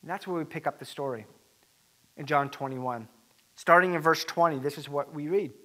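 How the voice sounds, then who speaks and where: High-pitched guy pastor giving a sermon, animated, punches up the quotes. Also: moderate pace. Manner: animated, acts out quoted voices with rising emphasis.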